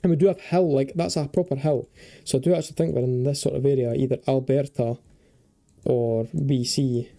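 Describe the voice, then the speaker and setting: Young guy chatting through a map game, gravelly, loose and jokey. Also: mid-range voice, fairly even intonation, brisk, mellow. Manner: chatty, thinks aloud, swears and jokes freely. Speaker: gaming video creator. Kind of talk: casual gameplay commentary.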